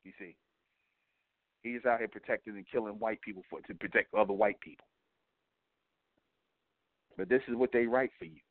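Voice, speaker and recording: A man's voice: fairly low pitch, dry recording. A man hosting an internet radio talk show, delivering a blunt, profane, preachy monologue and repeatedly asking his listeners "you see?". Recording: tinny phone-line audio, dry.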